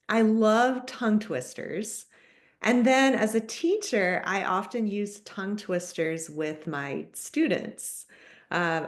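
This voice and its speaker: Chatty woman author telling stories. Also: mid-range voice. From United States. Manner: chatty and storytelling, with fillers. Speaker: children's book author and former teacher. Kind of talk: casual interview answers.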